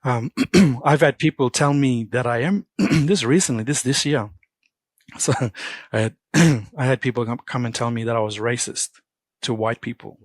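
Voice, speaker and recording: Animated Australian man telling stories. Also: medium pitch, normal speed, dry recording. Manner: animated storyteller acting out quoted greetings. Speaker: comedian guest. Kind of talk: casual interview chat.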